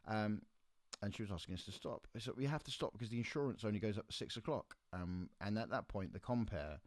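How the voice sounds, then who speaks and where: A man hosting his own podcast, telling a tour anecdote in a casual, animated way and acting out the people he quotes. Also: lowish voice, quick pace, no room sound, studio quality. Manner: animated teller, acts out quoted voices. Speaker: podcast host and musician.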